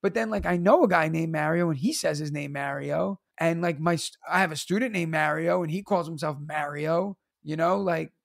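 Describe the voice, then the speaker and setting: High, gravelly-voiced man in his thirties. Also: dry recording, clean studio sound. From New York. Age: 30s. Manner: animated, acts out other people's lines in quick bursts. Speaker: teacher and stand-up comedian guest. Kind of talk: casual storytelling interview.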